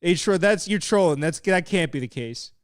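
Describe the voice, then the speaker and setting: Young guy hosting a fight watch-along, slightly high voice, smooth and dry close sound, loose and excitable. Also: moderate pace, dry recording. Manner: excitable and laid-back, swearing, laughing at chat. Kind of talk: casual live commentary while reading chat.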